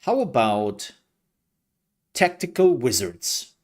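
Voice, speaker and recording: Slow, rambling male game streamer. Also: medium pitch, very animated, a little mellow. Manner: rambling and candid, with hesitant fillers. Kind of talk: casual live game commentary.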